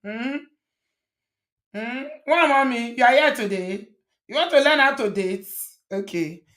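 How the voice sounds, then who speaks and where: A middle-aged woman hosts a relaxed live-stream conversation. She is chatty and teasing and laughs easily between points. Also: a little high, a little slow. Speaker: host. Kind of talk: casual live-stream chat.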